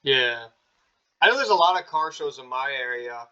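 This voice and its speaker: A man's voice: medium pitch, expressive, moderate pace, a crowd in the background. A man hosting a casual interview chat, easygoing, asking questions and telling his own stories. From Staten Island, New York. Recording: dull lo-fi sound.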